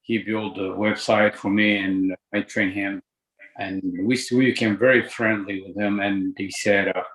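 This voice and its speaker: A man's voice: on the low side, little pitch movement, measured pace, a bit bright. An older man from Ethiopia, a boxing coach, answering interview questions earnestly and repeating words for emphasis. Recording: roomy echo.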